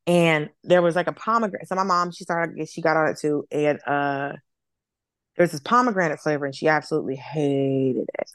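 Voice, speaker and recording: A woman comedian telling stories on a podcast, lively and blunt, acting out other people's voices and swearing freely. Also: deep voice, moderate pace, smooth, no echo. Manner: animated storyteller, acts out quoted voices, swears freely. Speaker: comedian guest. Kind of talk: casual podcast storytelling.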